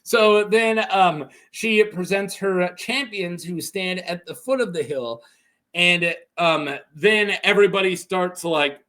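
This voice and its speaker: A man with a notably high voice hosts a casual lore video. He talks in an animated, chatty way and often breaks into laughter.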